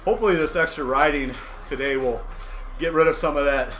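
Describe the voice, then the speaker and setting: This man's fairly high, fairly bright voice comes a little fast, with slight background noise and faint music audible. In his forties, he livestreams from his indoor bike trainer, rambling in a candid, wry manner and making fun of himself.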